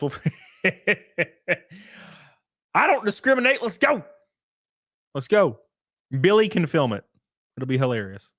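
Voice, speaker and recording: A man's voice: a little high, fairly bright tone, no room sound, clean studio sound. A young man casually chatting on a livestream, reading chat aloud with crude, rambling jokes.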